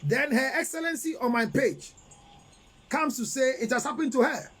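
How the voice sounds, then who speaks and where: A Ghanaian man counseling on relationships in a live talk, animated and preachy, switching between English and Twi and reading out viewer comments. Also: very high voice, normal speed, slightly rough, poor audio. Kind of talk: live-streamed advice talk.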